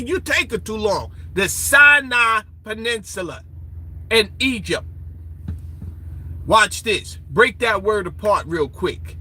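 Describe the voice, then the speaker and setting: High, husky, taunting male lecturer. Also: expressive, slow, bright, forceful tone, rough recording. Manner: confrontational, taunting, quizzes listeners. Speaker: online lecturer. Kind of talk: profane ranting lecture.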